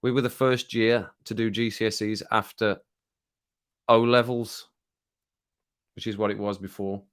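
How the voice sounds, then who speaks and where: A man's voice: fairly low pitch, flat delivery, unhurried, a bit bright, smooth. A middle-aged man with an English Midlands accent, chatting casually and rambling to live viewers from his home streaming room, chuckling as he goes. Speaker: livestream host.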